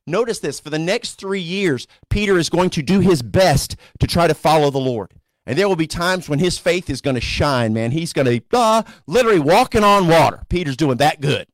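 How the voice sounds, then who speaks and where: A male pastor preaching a sermon in a conversational storytelling way, sometimes rising to animated emphasis. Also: on the high side, normal speed, no room sound. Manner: conversational storytelling preacher, voices characters casually.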